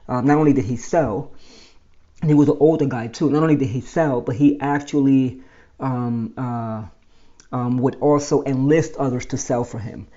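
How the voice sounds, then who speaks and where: A man's voice: medium pitch, warm tone, lo-fi sound. A man telling his own life story in a rambling monologue, often restarting and correcting himself.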